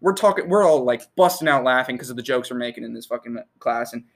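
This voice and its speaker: Teenage man, casual chat, heavy swearing, animated storytelling, medium pitch. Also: fast talker.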